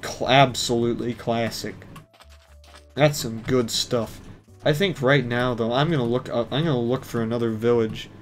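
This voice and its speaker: A man streaming a game live, rambling in a casual, chatty way. His humor is ironic and mock-pompous, often poking fun at himself. His voice sits at an everyday middle pitch, with soft music playing in the background. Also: steady tone, moderate pace.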